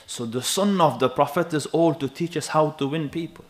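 A man in his thirties preaching a sermon in an animated, emphatic way, often checking with his listeners. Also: a little high, a little fast. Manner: animated and emphatic, with asides to the audience.

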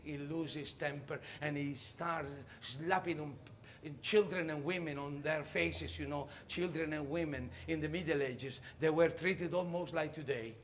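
High-voiced storyteller. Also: male voice, a little hiss or hum. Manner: animated, halting, laughing through the story. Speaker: stage performer. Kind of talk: comic storytelling monologue.

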